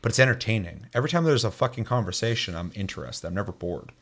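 A man in casual chat, loose and profane, rambling with lots of fillers and quick mimicked asides. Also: on the low side, sing-song, fairly bright tone.

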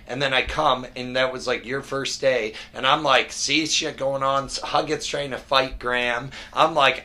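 Bright-voiced male podcast host. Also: mid-range voice, moderate pace, few pauses. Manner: energetic storyteller, quotes people. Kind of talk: casual chat.

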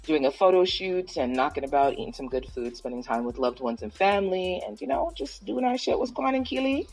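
A woman's voice: fairly low pitch, lively intonation, a little fast, a little mellow, soft background music, rough recording. A woman from Toronto hosting a casual podcast chat, playful and loose, dropping Caribbean slang. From Toronto, Canada. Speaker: podcast host.

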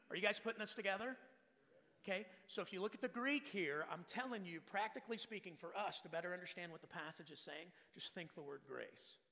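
Texan man, guest preacher, rough gravelly edge, bright forceful tone, talks with the room. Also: high voice, big-room sound. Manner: conversational, repeats words, asks the crowd to respond. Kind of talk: sermon.

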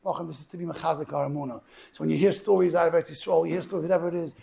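Gravelly fast-talking man preaching. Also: on the high side. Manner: animated, rushed, sprinkled with Hebrew and Yiddish terms. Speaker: religious lecturer. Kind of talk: storytelling sermon.

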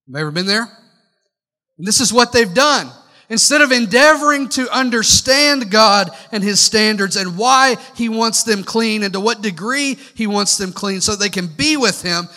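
A man's voice: high voice, expressive, normal speed, bright, forceful tone. A male pastor delivering a sermon, speaking conversationally with wry asides and putting questions straight to his congregation. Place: church sanctuary. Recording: long hall reverb from church sanctuary.

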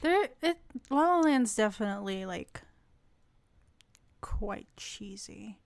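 A young woman trading casual podcast banter in a relaxed, teasing way. Her pitch sits in a middle range and the recording is dry and close. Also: slow, creaky, no room sound. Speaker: podcast co-host. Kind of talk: casual chat.

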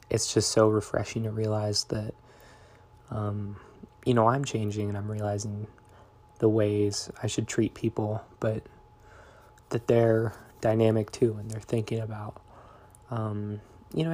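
Young male vlogger, low and monotone, soft-spoken and meandering, confessional tone. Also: measured pace. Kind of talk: confessional diary vlog.

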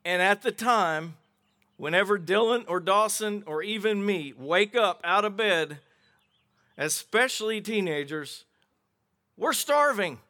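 A middle-aged man preaching a sermon as pastor, telling Bible stories with animated voices for the characters. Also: high voice, a little slow. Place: outdoor gathering without a building.

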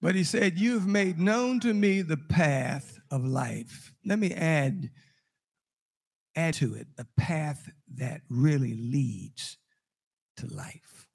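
Older male preacher, husky and high, animated storyteller with sudden loud bursts and soft asides. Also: slow pace. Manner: storytelling, swings from loud exclamations to hushed asides. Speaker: pastor. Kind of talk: sermon.

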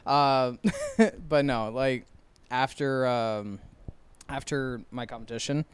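A man's voice: mid-range voice, wildly swooping pitch, slow, smooth, dry recording. A young man co-hosting a podcast, laid-back, giving dry comebacks. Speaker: podcast co-host. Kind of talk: casual chat.

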